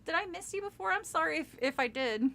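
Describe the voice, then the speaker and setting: Giggly high-voiced young woman. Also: lively intonation, a little fast, creaky, pushed and bright. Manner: giggly, breaks into laughter often. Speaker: streamer reading a book. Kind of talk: casual read-aloud with chat.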